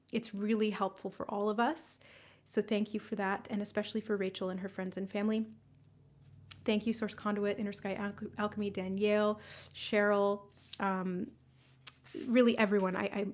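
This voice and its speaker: A young woman hosting a live-stream psychic session, speaking softly and gently as she leads a group healing and warmly thanks viewers by name. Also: mid-range voice.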